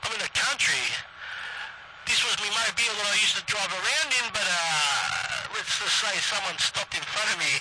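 High-voiced rambling Australian man. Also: normal speed, heavy background noise. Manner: rambling, swears casually. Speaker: CB radio operator. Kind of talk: casual radio chat. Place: parked car in a country paddock.

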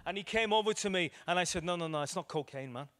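A man's voice: sits high, fast talker, fairly bright tone. A man, an evangelist preaching a storytelling sermon to a room, animatedly acting out the dialogue in his stories. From Liverpool, England. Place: church meeting room with audience.

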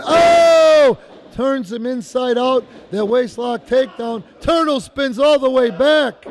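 A man giving excited, folksy play-by-play commentary on a wrestling match, repeating phrases for emphasis. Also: very high voice. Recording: noisy live recording.

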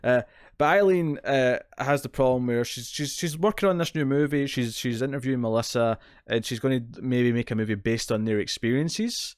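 A British man talks through an episode recap in a loose, chatty way, often restarting his sentences. His voice sits at a middling pitch. It is recorded close and dry, with little room sound. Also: moderate pace, smooth, dry recording. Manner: rambling, restarts a lot, recaps the plot in detail. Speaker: podcast co-host. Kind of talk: casual TV recap discussion.

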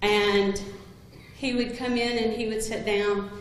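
A woman's voice: medium pitch, level tone, takes it slowly, a little hiss or hum. Woman giving a eulogy in an echoey hall. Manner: humorous, anecdotal storytelling. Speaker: eulogy speaker, longtime coworker. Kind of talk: eulogy speech. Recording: very echoey hall with long reverb.

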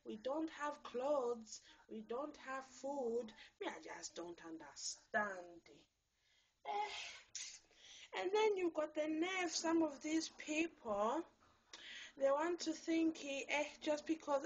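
High-voiced, indignant Zambian woman. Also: big pitch swings, takes it slowly. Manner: indignant, emphatic, with frequent "eh" tags. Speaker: vlogger. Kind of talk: speaking her mind to camera.

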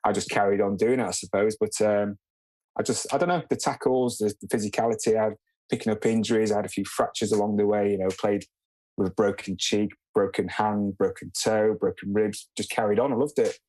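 A man's voice: on the low side, fairly even intonation, a little fast, darkish tone, no echo, rough recording. A man, a podcast guest talking easily and reflectively in short plain sentences. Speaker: guest, former footballer. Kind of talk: casual podcast chat.

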